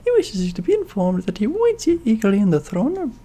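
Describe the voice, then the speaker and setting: A woman's voice: fairly high pitch, very animated, brisk, mellow, pitched above the performer's own voice. A woman voicing a fawning, flustered little mouse courtier in a video game. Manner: overly polite, flustered.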